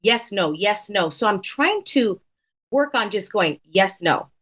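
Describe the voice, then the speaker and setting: A woman's voice: medium pitch, lively intonation, unhurried, a bit bright, slightly rough. Earnest woman guest, repeats for emphasis. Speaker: podcast guest. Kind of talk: casual interview conversation.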